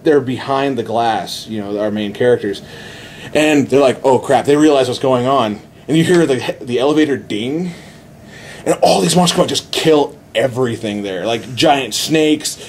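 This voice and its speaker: A man in casual podcast chat, retelling a movie plot excitedly with many restarts. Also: medium pitch, normal speed, slight background noise. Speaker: podcast host.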